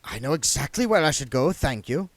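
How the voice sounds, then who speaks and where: A man's voice: a little high, very animated, fairly quick, dry recording, pitched above the performer's own voice. A man doing a curt, stern old witch woman.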